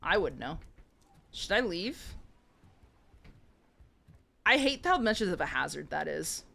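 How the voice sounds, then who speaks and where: Chatty, joking twenties woman streamer with a lively voice. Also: on the low side, slow, gravelly. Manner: playful, jokey, chatty with viewers. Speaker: game streamer. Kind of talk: live gameplay commentary.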